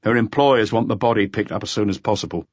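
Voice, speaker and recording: A man playing a brisk police officer on the phone. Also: lowish voice, dry recording, voice pushed up, lightly acted. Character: brisk, businesslike male police officer on the telephone. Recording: slightly dull lo-fi audiobook recording.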